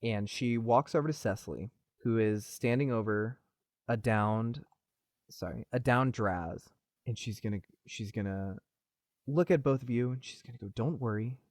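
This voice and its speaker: A man narrating a tabletop game as game master, in a casual, animated way. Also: medium pitch, moderate pace, no room sound, clean studio sound.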